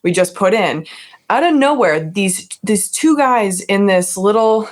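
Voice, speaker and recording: A woman's voice: mid-range voice, unhurried. Chatty young woman telling a story. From New England. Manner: chatty, lots of "like", animated retelling. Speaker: guest on fishing podcast. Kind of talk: casual storytelling.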